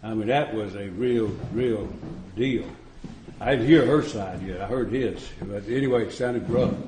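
Speaking at a recovery retreat, a man shares stories in a folksy, joking way, chuckling frequently. His fairly low voice is unhurried, and the echoey room carries a noisy background.

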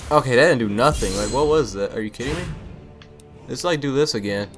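A man's voice: mid-range voice, a little fast, music in the background. A man casually commentating a video game playthrough, rambling and repeating himself, yelping when startled. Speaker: gameplay channel host. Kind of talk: casual let's-play commentary.

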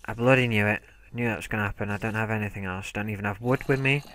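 A man's voice: on the low side, fairly even intonation, fast, fairly bright tone. A young man giving let's play commentary, talking to himself and yelping when startled. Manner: jumpy, talks to himself, yelps when startled. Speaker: gaming commentator.

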